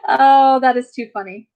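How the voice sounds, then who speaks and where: A woman's voice: medium pitch, phone-quality sound. Woman, live-stream host, friendly and rambling, answering her viewers and chatting casually. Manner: rambling, chatty, many fillers; warm, friendly toward viewers.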